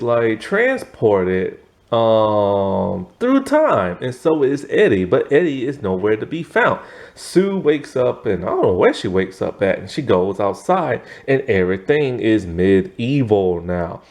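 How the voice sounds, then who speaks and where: A male reviewer rambling casually through a plot recap. He speaks at an average pitch and keeps filling the gaps with "like" and "you know", breaking into chuckles now and then. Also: a little mellow.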